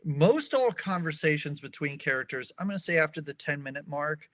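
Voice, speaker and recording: A man who is a college professor, chatting casually on a podcast in an animated, mock-outraged way. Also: on the high side, brisk, dry recording. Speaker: guest podcast host.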